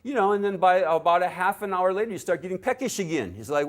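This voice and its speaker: A man teaching a dharma talk to a live audience at a meditation center, animated and acting out little quoted scenes. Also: sits high, fast, few pauses. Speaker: spiritual teacher.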